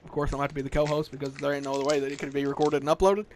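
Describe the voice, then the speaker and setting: A man's voice: a little high, little pitch movement, racing, slight background noise. A man in his twenties with a Southern US accent, chatting loosely and profanely as a podcast host, peppering his talk with "bro" and "dog.". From American South. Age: 20s. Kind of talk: casual chat.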